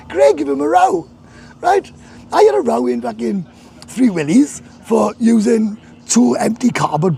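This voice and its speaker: A man's voice: extremely high pitch, creaky, warm tone. A Welsh man chatting on a casual live stream from a bar, rambling and swearing, laughing often. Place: bar in a hot tourist town.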